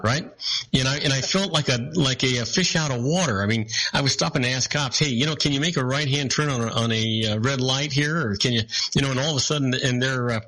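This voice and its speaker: California guy hosting a radio talk show, mid pitch, tells stories and laughs a lot. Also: husky, rough recording. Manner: storytelling, animated, laughs often.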